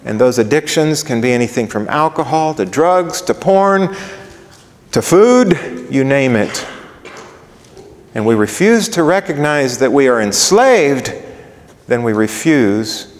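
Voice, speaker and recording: A man preaching a sermon, animated and acting out scenes in different voices. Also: mid-range voice, a little slow, pauses often. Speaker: pastor. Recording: long reverb of a large hall.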